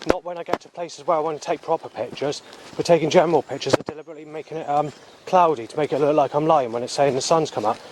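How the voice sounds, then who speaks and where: A man's voice: fairly high pitch, quick pace, noisy background. A man, recording a rambling spoken video diary outdoors on a muddy path with a handheld camera, talking in an agitated, swearing way. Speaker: video diarist.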